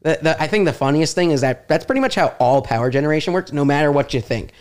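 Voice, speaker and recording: A man's voice: fairly high pitch, animated, quick pace, darkish tone. A young adult man, a comedian guest on a podcast, explaining things in a casual, lightly self-deprecating chat.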